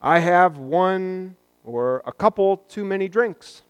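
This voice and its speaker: Conversational man preaching, slightly high voice. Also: expressive, takes it slowly, smooth, no echo. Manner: conversational, joking asides. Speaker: pastor. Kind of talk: sermon.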